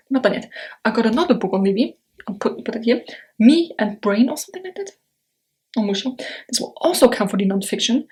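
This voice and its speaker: A woman's voice: a little high, slight background noise. A woman vlogging about books in a casual chat to camera, chatty and rambling, with blunt opinions and lots of fillers. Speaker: book vlogger.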